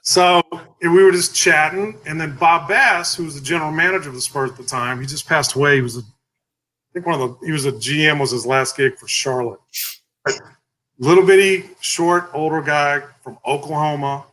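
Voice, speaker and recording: A man's voice: a little high, moderate pace, poor audio. A man, a company founder telling stories in a casual interview, salty and full of "like" and "you know". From Texas. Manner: animated storyteller, salty, lots of 'like' and 'you know'.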